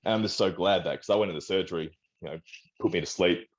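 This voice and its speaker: A man's voice: sits low, fast, muffled recording. An Australian man, a strongman and trainer, chatting in an interview and rambling through a story while acting out what the doctors said. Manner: rambling, restarts, acts out quoted doctors. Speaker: guest, strongman and personal trainer. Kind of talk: casual interview talk.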